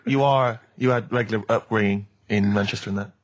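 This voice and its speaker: A man co-hosting a radio talk show, firing off quick, probing questions in casual studio chat. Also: lowish voice, fairly even intonation, poor audio. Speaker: radio co-host.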